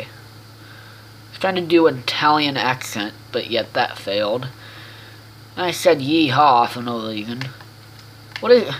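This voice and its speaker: A man's voice: medium pitch, a bit bright, slight background noise, poor audio. A man hosting a casual let's-play video, rambling to himself with restarts and the odd swear word as he plays. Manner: rambling self-talk with frequent restarts and swearing. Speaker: gaming video host.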